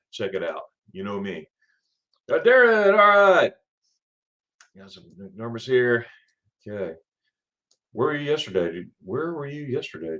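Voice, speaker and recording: A man's voice: medium pitch, a bit bright. A middle-aged man from Florida hosting a casual morning livestream, rambling, repeating his words and greeting viewers by name. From Florida, USA. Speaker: livestream host.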